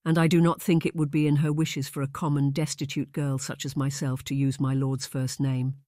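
A man's voice: mid-range voice, flat delivery, normal speed, a little mellow, no room sound, studio quality, close to an everyday voice. A man voicing a young destitute woman training as a governess, speaking politely and deferentially with a slightly shaky voice. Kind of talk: audiobook character voice.

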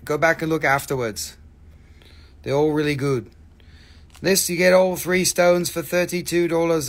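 A man hosting a live stream where he sells stones, showing pieces, repeating prices and answering chat in an excitable, casual way. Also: medium pitch.

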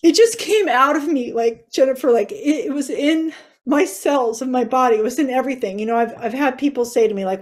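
A woman's voice: high-pitched, fairly quick, darkish tone. A woman in her forties sharing a personal faith testimony in an interview, earnest and emotional. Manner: earnest and emotional, tearful at times.

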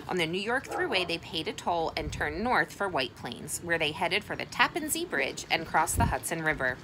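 A woman's voice: lowish voice, normal speed, few pauses, background noise. A woman reading a novel aloud in a casual way, correcting her slips as she goes. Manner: casual, self-correcting, with lively voices for dialogue. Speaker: reader. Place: outdoors, cold and windy.

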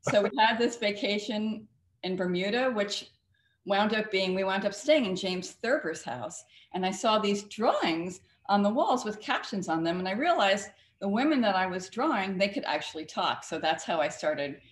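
A woman's voice: mid-range voice, animated, normal speed. A woman author and cartoonist being interviewed on a talk show, talking emphatically with a storyteller's flair. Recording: echoey studio room.

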